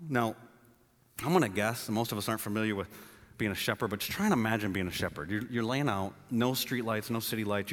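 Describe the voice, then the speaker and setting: A man's voice: medium pitch, big-room sound. A man preaching a sermon to his church, telling the story with humor and acting out voices. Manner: animated, jokey storytelling with acted-out voices. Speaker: pastor. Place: church building.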